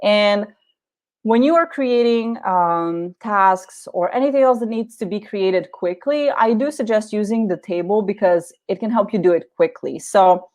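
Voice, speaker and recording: A woman hosting a live software tutorial webinar, talking viewers through each click in a friendly way with many fillers. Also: medium pitch, a little slow. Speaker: webinar presenter.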